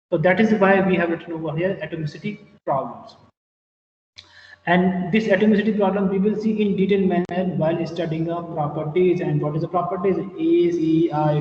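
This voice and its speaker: High-voiced man lecturing in echoey room. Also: darkish tone, a little hiss or hum. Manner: explains slowly with repetitions and fillers. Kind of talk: classroom lecture. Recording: echoey room, distant mic, muffled.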